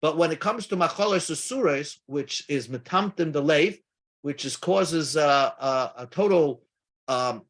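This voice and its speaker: A man's voice: on the high side, fairly bright tone. Man teaching Talmud readings. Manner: halting explanation with frequent restarts, mixing Hebrew-Aramaic readings with English. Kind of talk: Daf Yomi lecture.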